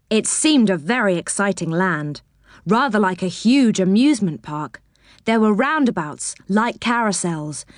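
A woman reading a children's story aloud, expressive and warm in storybook style, in a dry close recording. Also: mid-range voice, dry recording.

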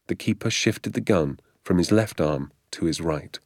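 A man narrating an audiobook in a steady, descriptive storytelling manner. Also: sits low, normal speed, no echo, studio quality.

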